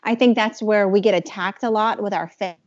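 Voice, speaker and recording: A woman's voice: medium pitch, steady tone, brisk, dry recording. A woman hosting a podcast, asking questions in a thoughtful, meandering way with fillers. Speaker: podcast host. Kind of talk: interview questions, casual. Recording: dull, slightly muffled podcast audio.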